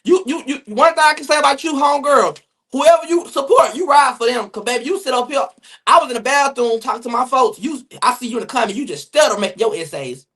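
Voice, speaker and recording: A man's voice: very high voice, pushed and bright. Brief: man hosting a sassy livestream gossip show, reads the chat with plenty of attitude. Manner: sassy, rapid, swearing, addresses chat viewers. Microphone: phone or webcam mic on livestream.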